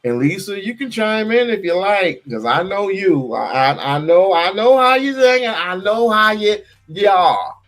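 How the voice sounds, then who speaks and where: A man's voice: sits high, very animated, unhurried, hardly any pauses, a bit bright. A man hosting a casual livestream, talking in bursts with stammered restarts and repeated words. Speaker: livestream host.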